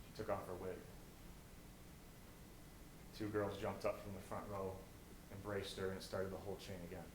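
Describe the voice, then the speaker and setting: A young American man giving an inspirational stage talk, telling stories and swinging from hushed to loud. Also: sits low, flat delivery, normal speed, pauses often. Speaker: motivational speaker. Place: college auditorium. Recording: echoey auditorium, faint noise.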